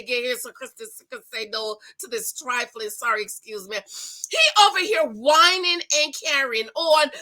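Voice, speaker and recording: Woman, 40s, recap host, sassy and emphatic, very bright tone. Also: high-pitched. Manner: sassy and emphatic, calls viewers "girl". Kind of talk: casual commentary, talking to camera.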